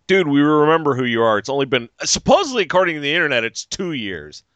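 Profane ranting man, bright crisp voice. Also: mid-range voice, very animated, fast talker, few pauses, no room sound. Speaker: podcast host. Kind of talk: casual ranting chat.

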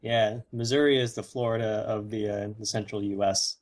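A man co-hosting a casual comedic chat, cracking deadpan jokes and acting out mock quotes. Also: lowish voice, normal speed.

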